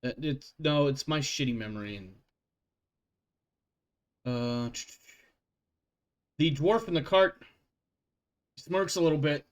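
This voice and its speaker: A man running a tabletop roleplaying game, with a somewhat high voice. He narrates casually, with a loose, rambling flow and self-deprecating asides. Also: slow, pauses often. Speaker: game master.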